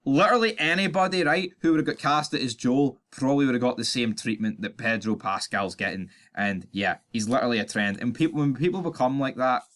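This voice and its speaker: A young Scottish-accented man hosts his own YouTube channel, ranting his opinions bluntly, sarcastically, and with plenty of swearing, often stumbling over words. He speaks briskly with hardly any pauses, in a medium-pitched, slightly bright voice.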